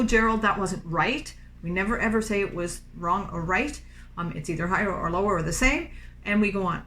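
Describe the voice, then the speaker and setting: A woman's voice: medium pitch, a bit bright. Patient woman music teacher explaining. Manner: patient, encouraging, breaks into short sung phrases. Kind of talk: instructional talk with sung demonstrations.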